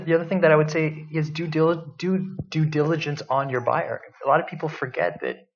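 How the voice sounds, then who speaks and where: Halting man giving panel advice. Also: mid-range voice. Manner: halting, repeats words. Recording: muffled lo-fi sound.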